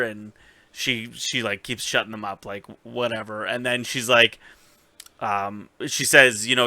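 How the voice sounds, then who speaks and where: Bright, dry-voiced man retelling a show. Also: lowish voice, slow, no room sound. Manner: animated storytelling, swearing, acting out characters' lines. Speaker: podcast co-host. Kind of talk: casual recap chat.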